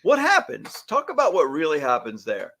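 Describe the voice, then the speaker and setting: A man with a somewhat high voice, chatting casually on a live stream. His pitch swings a lot as he acts out little scenes with voices. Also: wildly swooping pitch, normal speed, fairly bright tone. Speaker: podcast co-host, stylist educator. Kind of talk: casual chat. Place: home or studio, live stream.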